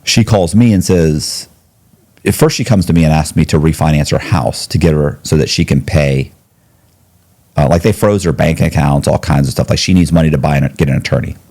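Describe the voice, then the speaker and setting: A man, a podcast guest, telling his story in conversation, quick restarts and quoted dialogue. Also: rumbling low, a little mellow.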